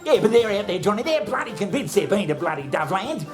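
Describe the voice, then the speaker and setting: A man's voice: high voice, sing-song, fast talker, soft background music. Swearing man, rambling comic host. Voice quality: crude, swearing, laughing at own jokes. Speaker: comedy show host. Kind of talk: comic monologue, bantering with himself.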